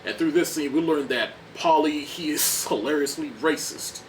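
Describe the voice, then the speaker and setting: A man's voice: on the high side, moderate pace. A young man casually reviewing a movie in an enthusiastic, rambling way, often repeating himself. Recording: distant mic, faint background noise.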